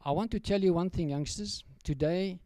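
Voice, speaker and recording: Storytelling pastor. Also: male voice, high-pitched, normal speed, warm tone, dry recording. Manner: storytelling preacher speaking directly to the children. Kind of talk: sermon.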